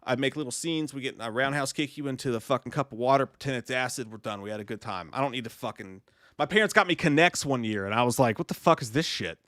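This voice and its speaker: Profane, rambling live-stream host. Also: male voice, medium pitch, fast talker, a bit bright, no room sound, studio quality. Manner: profane, rambling, self-deprecating. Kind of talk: casual live-stream chat.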